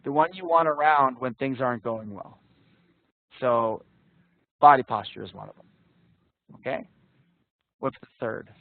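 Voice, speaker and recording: A man's voice: medium pitch, unhurried, gravelly, long pauses, a little hiss or hum. A man teaching an interview prep class online, talking casually and bluntly, swearing now and then and calling on students by name. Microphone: video call. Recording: tinny dry call audio.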